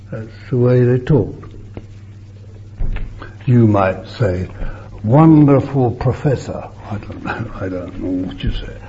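A lowish voice belongs to an older preacher delivering a sermon. He shifts from forceful, loud outbursts to soft murmured asides, captured on an old, muffled recording carrying faint hiss.

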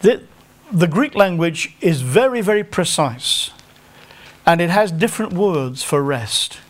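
A man's voice: fairly high pitch, lively intonation, a little slow. A middle-aged man with a North Staffordshire English accent preaching a sermon in a conversational, self-deprecating way, often stopping to restart his phrases.

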